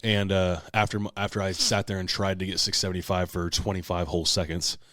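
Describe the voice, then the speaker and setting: A man hosting a casual podcast, telling a competition story with lots of swearing, and loudly acting out what he shouted. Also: deep voice, fairly quick, no echo, clean studio sound. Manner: animated storyteller, swears a lot, shouts out quoted lines. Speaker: podcast host. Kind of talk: casual chat.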